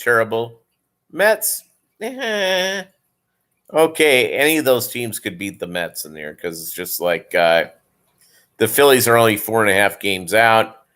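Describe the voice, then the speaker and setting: A man hosts a casual live stream, drawling at an unhurried pace as he rambles loosely from one thought to the next. His pitch is an ordinary middle range for a man, and he talks to his viewers like a familiar crowd. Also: a bit bright, clear, resonant tone. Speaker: fish breeder hosting a live stream.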